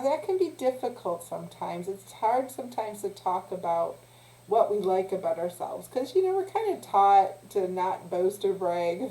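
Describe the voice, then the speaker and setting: A woman teacher leading a children's lesson, talking in a gentle, encouraging way with small pauses and restarts. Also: medium pitch. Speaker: youth teacher. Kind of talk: children's lesson, guided breathing. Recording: echoey room.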